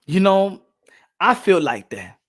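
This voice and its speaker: A middle-aged Puerto Rican man runs a casual boxing live stream. His voice sits high and bright. He rambles, stumbles over repeated words and slides from English into Spanish. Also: very animated, takes it slowly. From Puerto Rico. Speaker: boxing channel host.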